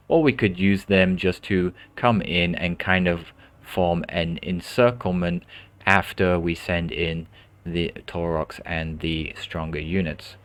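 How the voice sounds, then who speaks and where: A man giving calm, explanatory gameplay commentary as a tutorial host, often repeating a word as he thinks aloud. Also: low voice.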